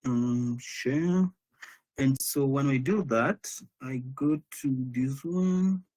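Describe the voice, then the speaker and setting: A man, a guest speaker, chatting casually before a live online session, talking in a hesitant, halting way with frequent restarts over a video call. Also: mid-range voice, a little mellow. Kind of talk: casual pre-show chat.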